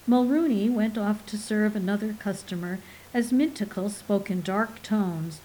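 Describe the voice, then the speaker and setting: A woman narrating an audiobook in an expressive storytelling delivery. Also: medium pitch, unhurried, a little hiss or hum, low-quality recording.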